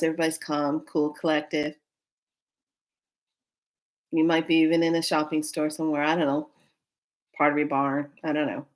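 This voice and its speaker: A woman vlogger telling a story in a casual way, animated and often breaking into laughter. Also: low-pitched.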